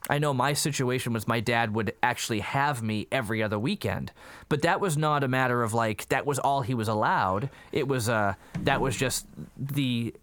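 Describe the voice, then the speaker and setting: A man co-hosting a casual chat, recapping a film and acting out its quotes. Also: fairly quick. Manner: animated storyteller, acts out quotes with jumpy pitch.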